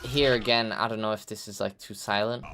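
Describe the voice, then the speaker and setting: A man's voice: on the low side, fairly even intonation, fairly quick, heavy background noise. A man hosting a live stream, giving loose, chatty feedback full of "like" fillers and the odd swear. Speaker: host reviewing game audio reels.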